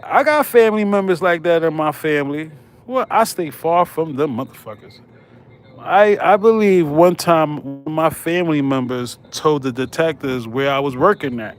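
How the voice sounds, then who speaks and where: A man's voice: a little high, slight background noise. A man hosting a casual livestream from a hospital room, slangy and laid back as he chats with viewers. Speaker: livestream host.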